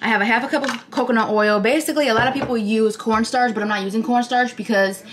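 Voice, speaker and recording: A woman's voice: on the high side, fairly even intonation, fast talker. A young woman chatting casually to her vlog camera, sassy and talkative, talking back at other drivers. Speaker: vlogger. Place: in a car while driving, then at home. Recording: noisy car recording with wind.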